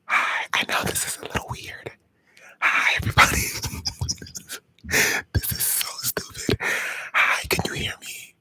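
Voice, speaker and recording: A man's voice: measured pace, long pauses, sharp tone, poor audio. A man hosting a casual live stream, whispering to his viewers and giggling at himself. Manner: whispering and giggling, self-mocking.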